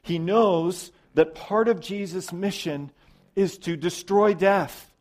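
A man preaching a sermon as pastor, emphatic, with loud stresses, quiet drops and repeated words. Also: high-pitched.

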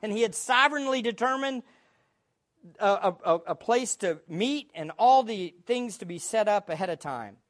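A woman's voice: mid-range voice, animated, normal speed. A woman preaching a sermon, teaching from the Bible in an earnest, emphatic way and asking rhetorical questions.

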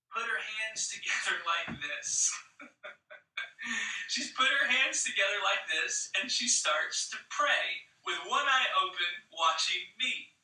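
A man's voice: sits high, bright, forceful tone. A man giving a sermon as a pastor, opening with a conversational story and acting out the voices he quotes. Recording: echoey room, mic some distance away.

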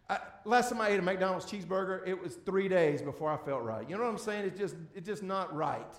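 A man preaching a sermon as pastor to a congregation, emphatic, swinging between loud bursts and hushed, drawn-out words, repeating key words for emphasis. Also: sits high, lively intonation. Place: church sanctuary before a congregation. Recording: echoey room.

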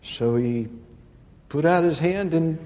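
Emphatic high-voiced male preacher. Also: takes it slowly, big-room sound. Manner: emphatic, repeats phrases, swings from loud to soft; reads scripture then explains it with humor. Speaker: pastor. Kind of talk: sermon.

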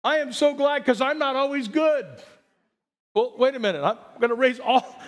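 High-voiced older man preaching, playful. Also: moderate pace. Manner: excitable, joking with the congregation. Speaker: pastor. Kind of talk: sermon.

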